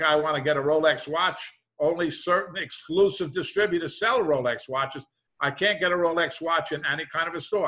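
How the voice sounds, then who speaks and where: A man's voice: a little high, pushed and bright. A middle-aged man, a business professor, lecturing casually over a video call with everyday examples and the habit of tagging "thing like that". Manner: conversational, repeats "thing like that", worked examples.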